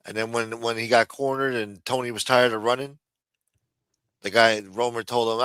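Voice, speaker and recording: A man's voice: mid-range voice, little pitch movement, moderate pace, pushed and bright, clean tone, dry recording, rough recording. A man hosting a casual podcast, talking bluntly and swearing freely. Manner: blunt and profane. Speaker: podcast host.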